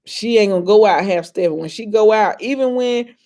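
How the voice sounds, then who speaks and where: A woman's voice: medium pitch, normal speed, dark tone. A woman in her thirties talks straight to her viewers in a loose, chatty vlog. She calls them "y'all" and "honey" and lingers over her memories with open emotion. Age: 30s. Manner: emotional, reminiscing. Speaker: inspirational vlogger. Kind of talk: casual chat to viewers.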